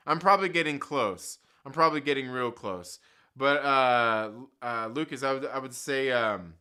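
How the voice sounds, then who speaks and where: Bright, joking live stream host. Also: male voice, mid-range voice, moderate pace, smooth. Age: adult with children. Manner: slangy, profane and joking, laughs often. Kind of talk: casual live stream chat.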